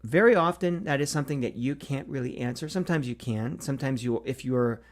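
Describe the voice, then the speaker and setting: Middle-aged male host, casual solo talk, mid-pitched, loose and hesitant delivery. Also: brisk. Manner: thinks aloud with frequent fillers and restarts. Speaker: marketing consultant hosting a Q&A series.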